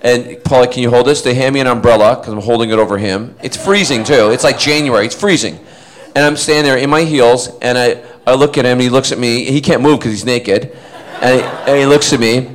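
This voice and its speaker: A man's voice: mid-range voice, brisk, a little hiss or hum. A middle-aged man on stage at a fan panel, telling funny stories and acting out the quotes as he goes. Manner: animated storyteller who acts out quotes. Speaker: convention panel guest. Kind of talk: casual anecdote telling on stage.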